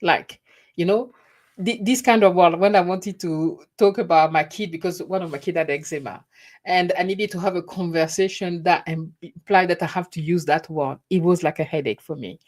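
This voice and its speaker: Middle-aged woman, slightly low voice, chatty vlogger, laughs at herself. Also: normal speed, a little mellow. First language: French. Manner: chatty, laughing, self-deprecating. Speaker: YouTube host. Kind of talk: casual live stream chat.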